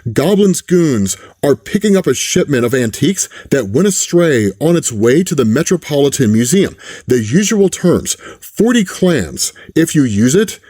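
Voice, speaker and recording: A man voicing a hurried male informant giving a tip-off while retelling a comic. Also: on the high side, sing-song, warm tone, no room sound, clean studio sound. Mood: brisk.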